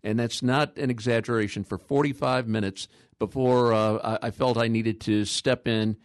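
An older man who hosts a call-in radio show, talking in halting phrases with many restarts. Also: medium pitch, steady tone, dry recording, clean studio sound.

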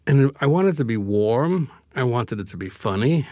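A man's voice: mid-range voice, expressive, moderate pace, a little mellow, no echo, clean studio sound. An older man from Brooklyn being interviewed, talking in a wry, reflective way and laughing easily. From Brooklyn, New York. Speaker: interview guest, author. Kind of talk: conversational interview.

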